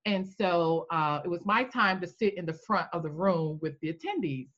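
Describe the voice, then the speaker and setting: A woman coach telling an animated story in a podcast interview, acting out the voices she quotes. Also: moderate pace, dull audio. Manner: animated storyteller, acts out quoted voices with big pitch jumps. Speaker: coach and founder.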